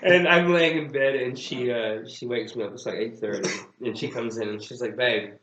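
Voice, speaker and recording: A young podcast co-host tells funny stories in casual chat, acting out what people said and often cracking up laughing. His medium-pitched voice is brisk and fairly bright, though the recording is roomy and muffled with slight background noise.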